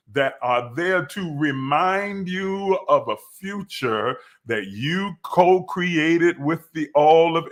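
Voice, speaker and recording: A man's voice: mid-range voice, fairly bright tone. A man hosting a livestreamed spiritual teaching, speaking emphatically and repeating key phrases in a preaching cadence.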